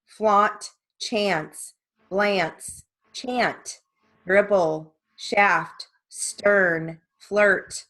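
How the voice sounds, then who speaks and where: Woman reading slow, deliberate dictation. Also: medium pitch, fairly bright tone, poor audio. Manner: reads word lists and sentences evenly, with short spoken asides. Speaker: dictation reader for steno practice.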